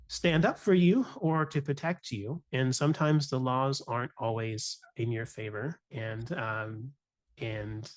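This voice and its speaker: A young adult man, a music teacher, talking earnestly and reflectively on a podcast, often adding "you know" and "right?". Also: medium pitch. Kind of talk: candid podcast conversation.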